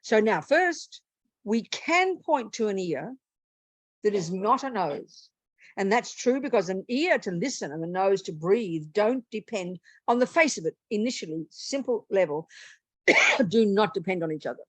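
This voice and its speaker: A woman's voice: mid-range voice, very animated, measured pace, no room sound. A woman, a Buddhist nun, teaching a meditation retreat in a blunt, plain-spoken and humorous way.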